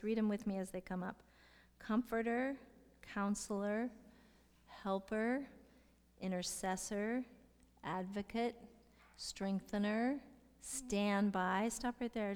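A middle-aged woman teaching a Bible study, asking her listeners questions and sometimes dropping into soft whispers to stress a point. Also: mid-range voice. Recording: long hall reverb.

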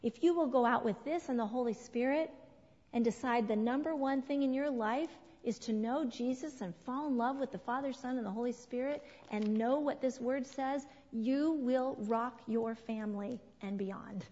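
A woman's voice: a little high, dark tone. Earnest woman preaching in a reverberant hall. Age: 40s. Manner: earnest, emphatic, slows down to stress key words. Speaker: women's ministry speaker. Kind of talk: sermon to a women's group. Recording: dull sound with long hall reverb.

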